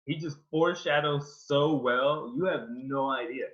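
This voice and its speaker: Excitable young man on a dull, lo-fi mic. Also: mid-range voice, unhurried. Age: young adult. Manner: excitable, trailing off into "like". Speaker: podcast co-host. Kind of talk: casual podcast chat.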